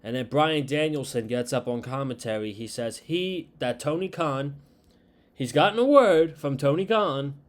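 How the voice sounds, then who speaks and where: A man casually recapping a wrestling show, retelling scenes and quoting lines in a slow, unhurried way. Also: medium pitch.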